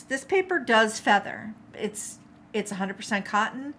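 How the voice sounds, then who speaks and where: A woman's voice: fairly high pitch, sing-song, measured pace, fairly bright tone, a little hiss or hum. A middle-aged woman teaching a live watercolor paint-along, chatty and encouraging, reading out viewer comments as she paints. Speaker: art instructor.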